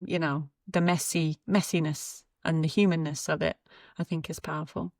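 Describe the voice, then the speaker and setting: Thirties woman guest, soft reassuring talk, dry room, sits back from the mic. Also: low voice, steady tone, moderate pace, dry recording. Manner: reflective and reassuring, many fillers like "like" and "you know". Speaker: guest, mother and author. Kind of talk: casual conversational interview. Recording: dry, slightly distant mic.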